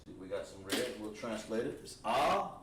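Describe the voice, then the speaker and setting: A man teaching a language lesson on a livestream, explaining words patiently and repeating them, with frequent throat clearing. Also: lowish voice, very animated, moderate pace. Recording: roomy echo, distant from the mic, faint ambient noise.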